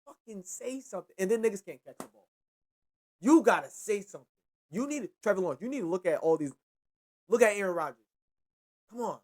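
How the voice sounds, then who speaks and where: A man's voice: high-pitched, animated, brisk, long pauses. A young man hosting a casual sports show, ranting in a slangy, profane and repetitive way. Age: young adult. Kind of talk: casual sports commentary rant.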